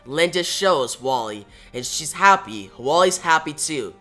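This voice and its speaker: Bright-voiced man recapping a comic. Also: on the high side, expressive, a little slow, faint music behind. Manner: retells scenes plainly with frequent "now". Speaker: comic book reviewer. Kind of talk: casual recap narration.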